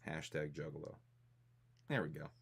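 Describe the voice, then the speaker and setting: A man's voice: a bass voice, steady tone, normal speed, vocal fry, a bit bright, husky. A man in his thirties co-hosting a casual live-stream podcast, joking around and greeting viewers in the chat by name. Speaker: podcast co-host.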